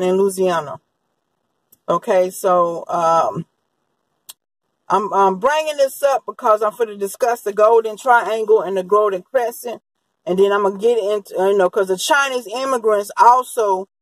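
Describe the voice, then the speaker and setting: A woman's voice: mid-range voice, no room sound, low-quality recording. A woman giving a rambling, unscripted crime-history monologue, full of fillers and restarts. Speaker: true-crime commentator.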